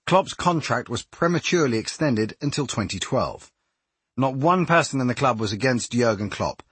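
A man reading a nonfiction sports book aloud as narrator, telling it in a measured way. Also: medium pitch, lively intonation, fairly bright tone, breathy edge, no echo. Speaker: audiobook narrator. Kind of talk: scripted narration.

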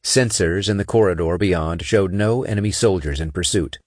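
Low-voiced male audiobook narrator. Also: normal speed, no room sound, studio quality. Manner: expressive storytelling, does character voices.

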